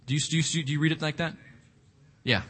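A man's voice: on the high side, fairly even intonation, brisk, a bit bright. A man leading an interactive Bible study, reflective, often asking the group questions and repeating words as he thinks.

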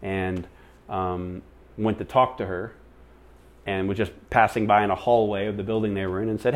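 A man's voice: on the low side, moderate pace. A man speaking at church, telling a personal story in a sermon and acting out the people he quotes. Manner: animated, acts out quoted voices.

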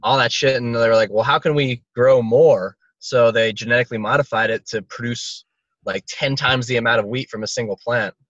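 A podcast co-host in casual chat, explaining things in a laid-back, profane way. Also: male voice, medium pitch, steady tone, a little fast, a bit bright, no room sound, lo-fi sound.

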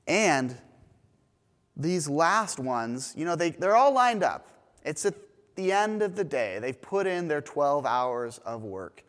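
A man preaching a sermon in a church, retelling a parable in a lively storytelling manner. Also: a little high, takes it slowly. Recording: long reverb of a church hall.

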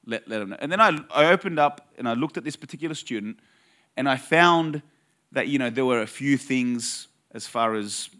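A pastor tells a personal story during his sermon, speaking earnestly and conversationally and slowing down to stress key phrases. His mid-range voice is animated and sharp in tone.

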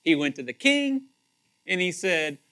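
A male pastor delivering a sermon in a casual, talkative way, his voice sitting a little higher than most men's. He repeats phrases as he thinks aloud, pushing some words out loudly and dropping others to a hush. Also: measured pace, clean tone. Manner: conversational, animated preaching with frequent repetitions; swings between loud emphasis and hushed asides.

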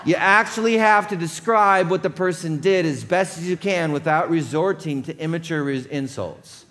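A man's voice: on the high side, normal speed, hardly any pauses, a bit bright. A man preaching a sermon as pastor, conversational and often checking in with his congregation.

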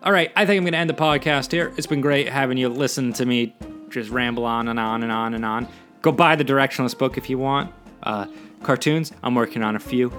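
A man's voice: mid-range voice, fairly even intonation, brisk, a bit bright, soft background music. Rambling, self-mocking podcast host man. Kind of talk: solo rambling podcast talk.

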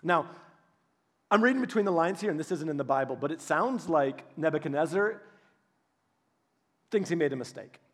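A man preaching a sermon, telling biblical stories with animated, acted-out voices. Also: on the high side, normal speed, pauses often. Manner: animated storytelling, acts out voices of biblical figures. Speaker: pastor.

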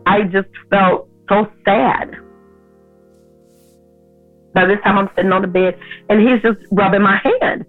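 A woman in her thirties, an interview guest telling a personal story in an animated way, acting out the people in it. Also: medium pitch, a little slow, pauses often, soft background music. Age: 30s. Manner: animated, acts out others' lines in her story. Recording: tinny phone-like sound.

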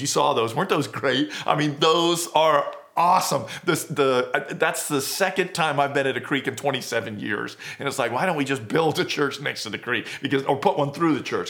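Male pastor, middle pitch, conversational and self-searching sermon delivery. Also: normal speed, a bit bright. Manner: conversational, earnest, self-questioning, with many fillers and restarts.

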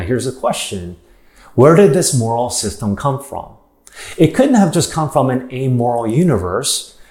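A man's voice: mid-range voice, darkish tone. Guy preaching a sermon, repeats words for emphasis, roomy echo. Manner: emphatic repetition, rhetorical questions.

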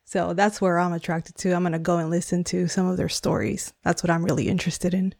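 Woman, tabletop player, fairly low voice, calm, dry close mic. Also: a little fast, gravelly, no echo. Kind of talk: casual in-character game talk.

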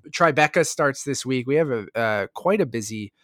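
A man's voice: medium pitch, animated, normal speed, dry recording, studio quality. A man in his thirties with a Canadian accent, co-hosting a casual podcast and rambling with many fillers and restarts. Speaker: podcast co-host. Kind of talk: casual chat.

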